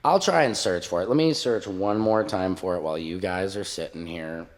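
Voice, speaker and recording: A man's voice: deep voice, moderate pace, slight background noise. A middle-aged man hosting a podcast, telling stories in a casual, joking way with frequent swearing. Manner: animated storyteller, jokes and swears freely. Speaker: podcast host. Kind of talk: casual storytelling chat.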